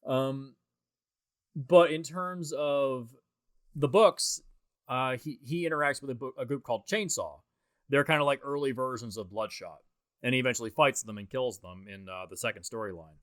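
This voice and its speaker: A man's voice: medium pitch, normal speed, fairly bright tone, dry recording. Dry, close-miked man talking through a film. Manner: rambling, conversational, with many fillers and restarts. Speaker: film commentator. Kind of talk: casual film commentary track.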